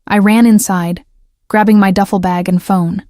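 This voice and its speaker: A woman narrating a dark romance story in the first person, in an even, measured reading. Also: mid-range voice, dry recording, studio quality.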